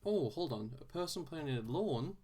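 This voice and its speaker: A man solving a crossword on video, thinking aloud in a casual, halting way with frequent restarts and self-deprecating asides. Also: on the high side, animated, a little mellow, husky.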